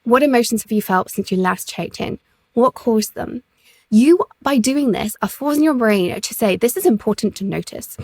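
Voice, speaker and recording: A woman's voice: on the high side, animated, moderate pace, darkish tone, no echo. A woman hosting a podcast and coaching leaders, talking in a direct, encouraging and emphatic way. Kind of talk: solo podcast coaching talk.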